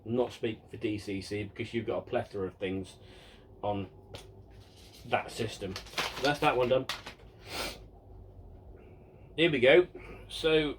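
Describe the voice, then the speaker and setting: A man's voice: mid-range voice, normal speed, long pauses, slight background noise. Chatty, rambling man answering viewer questions. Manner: rambling and chatty, stumbling over repeated words; self-mocking and exasperated. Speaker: model railway hobbyist. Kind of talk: casual vlog Q and A.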